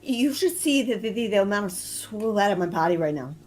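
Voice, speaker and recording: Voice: medium pitch, lively intonation, a little fast, a little mellow, close to an everyday voice. A player voicing a nervous, queasy young man who stammers and repeats himself. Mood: jittery. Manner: stammering, jittery.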